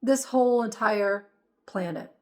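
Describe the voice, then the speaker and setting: A woman's voice: on the high side, a little slow. A woman giving an emphatic, repetitive spiritual monologue as host of her channel.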